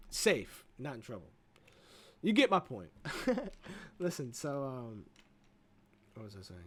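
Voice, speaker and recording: A man casually retelling a movie plot in a rambling review, swearing freely and leaning on fillers. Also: medium pitch. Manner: rambling, profane, full of fillers like "you know".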